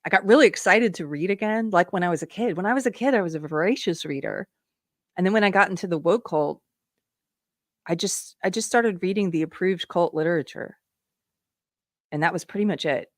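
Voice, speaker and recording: A middle-aged political commentary host with a fairly low voice speaks briskly on her live stream, reading viewer comments aloud and earnestly posing rhetorical questions to viewers. The audio is studio quality with no echo.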